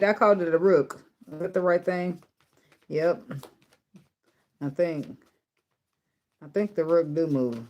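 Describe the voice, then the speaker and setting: A woman's voice: fairly low pitch, slow, pauses often, darkish tone. A woman giving a casual tarot reading, blunt and profane, often breaking into laughter. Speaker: tarot reader.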